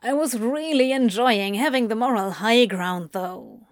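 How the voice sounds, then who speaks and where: A woman reading a story, voicing a sleepy, sulking male demon who grumbles low. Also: unhurried, no room sound, studio quality, close to an everyday voice. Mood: sulky. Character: sulky drowsy male demon, content.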